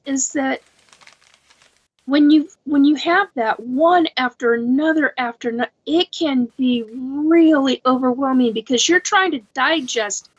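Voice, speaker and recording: A woman with a high voice talks emphatically, often repeating words as she works through her thoughts. Her part in the casual podcast discussion sounds dull and lo-fi. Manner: emphatic, repeats words while thinking aloud. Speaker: paranormal podcast co-host.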